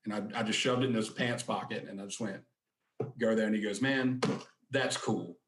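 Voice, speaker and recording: A man's voice: on the low side, fairly even intonation, moderate pace, fairly bright tone, roomy sound. A man, a podcast guest, casually telling rambling anecdotes and acting out the quotes. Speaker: podcast guest, book collector. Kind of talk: casual storytelling.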